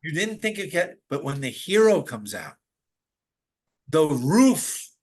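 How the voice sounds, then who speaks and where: Animated, rambling male storyteller. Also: a little high, slow pace. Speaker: podcast guest. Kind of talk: casual spiritual conversation.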